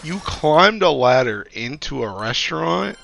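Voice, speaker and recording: A man's voice: on the high side, sing-song, a little slow, gravelly, fairly bright tone, faint music behind. A man co-hosting a casual podcast chat, chiming in with incredulous interjections. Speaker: co-host and listener.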